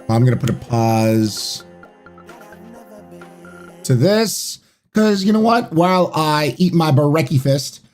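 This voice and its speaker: A man chats on his live stream in a relaxed, unhurried way, his voice swinging up and down with lively inflection. He greets viewers by name and laughs easily, with faint music playing behind him. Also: sits high. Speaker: streamer and podcast host. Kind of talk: casual live-stream chat.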